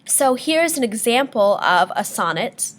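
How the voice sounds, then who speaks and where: A woman's voice: fairly high pitch, very animated, measured pace. A woman teacher giving a patient classroom lecture on poetry terms, explaining step by step with frequent ums.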